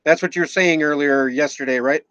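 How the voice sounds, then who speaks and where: A Minnesota man in his forties, accent and all, streams live, rambling, cracking jokes, swearing at times, and calling out viewers by name with thanks. His slightly high voice is fairly quick, fairly bright, clear, and resonant; the recording is dry but slightly muffled and dull.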